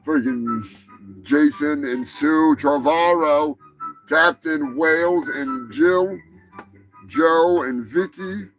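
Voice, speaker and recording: A man's voice: a little high, slow pace, a bit bright, soft background music, low-quality recording. A man hosting a casual live comedy show, talking in a profane, rambling, offhand way. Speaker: host.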